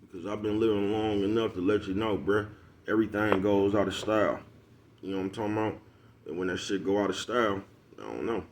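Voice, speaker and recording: A man's voice: on the low side, a little fast, a little hiss or hum. A man talking casually to his followers in a loose street-slang monologue, laughing often and asking "you know what I'm talking about" again and again. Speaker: vlogger.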